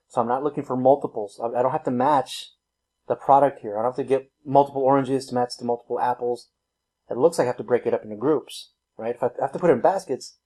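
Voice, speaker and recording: A man's voice: medium pitch, a little mellow. A man teaching a recorded math lesson, talking through each step in a casual, self-teasing way. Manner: casual, self-deprecating, laughs at himself; talks through work step by step.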